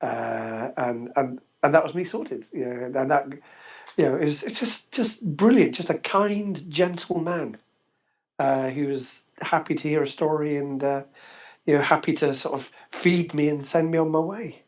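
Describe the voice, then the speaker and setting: Man with a husky, gravelly voice, animated storyteller, laughs often, dull lo-fi podcast recording. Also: on the high side, normal speed. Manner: animated, laughs often while telling stories. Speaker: guest. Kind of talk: casual interview storytelling.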